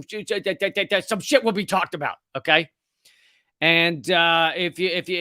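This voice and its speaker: Male comedy host, higher-pitched, shouty and sarcastic, close dry sound. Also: smooth, dry recording. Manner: loud, swinging between shouting and sarcastic calm. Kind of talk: livestream comedy commentary.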